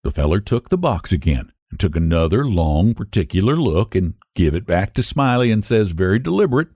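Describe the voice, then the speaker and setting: A male storyteller reads an old tale in a folksy rural dialect, his pitch rising and falling with lively animation. The recording is close and dry with no room sound. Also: brisk, no echo. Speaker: story reader. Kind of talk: reading a classic short story aloud.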